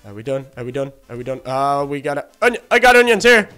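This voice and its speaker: A man's voice: medium pitch, flat delivery, quick pace, faint music behind, lightly acted. A man voicing a childlike male baby duck in a Minecraft role-play, chattering to himself and easily flustered. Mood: busy chatter. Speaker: fast-food worker in a game role-play.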